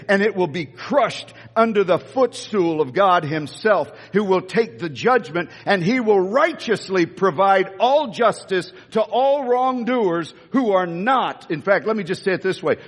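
A man preaches in a church, his high voice leaping up and down as he hammers home repeated lines. His tone is a little husky, and long reverb trails each phrase through the hall. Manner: emphatic, repeats key lines, swings from slow stressed phrases to quick asides. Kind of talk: sermon.

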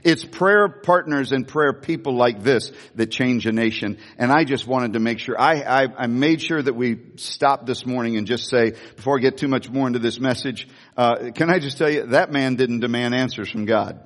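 A man's voice: medium pitch, normal speed, hardly any pauses, fairly bright tone. An older male pastor preaching to his congregation, telling homey stories with lots of stumbling restarts. His voice sits in a middle register. The sound carries a long reverb, as in a large hall. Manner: folksy storytelling with repeated restarts. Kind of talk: sermon. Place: church sanctuary.

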